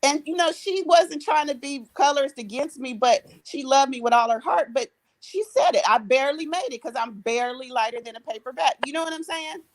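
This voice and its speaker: A woman's voice: sits high, a little fast, hardly any pauses, low-quality recording. A woman in a casual podcast chat, telling a personal story with animation and acting out what relatives said.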